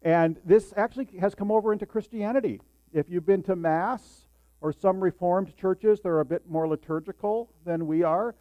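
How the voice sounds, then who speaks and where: A man's voice: high voice, normal speed, no room sound. A man in his sixties preaching a sermon, talking conversationally and putting questions to the congregation. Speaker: pastor. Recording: dull lo-fi sound with mains hum.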